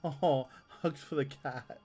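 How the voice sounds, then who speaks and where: A man's voice: fairly high pitch, slow, warm tone, soft background music. A man streaming a text adventure game, reading the options aloud and laughing often.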